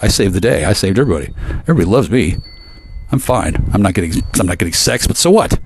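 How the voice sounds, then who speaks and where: Man, lowish voice, rambling swear-filled rant to camera, stumbles over his words. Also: lively intonation, quick pace, slight background noise. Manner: profane, aggressive, stammering restarts.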